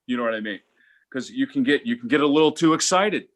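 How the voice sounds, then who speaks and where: Rambling, animated middle-aged male comic. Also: mid-range voice, fast talker. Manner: rambling, animated, swings into loud exasperated outbursts. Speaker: stand-up comedian. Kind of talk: virtual open-mic stand-up set. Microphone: home video call mic.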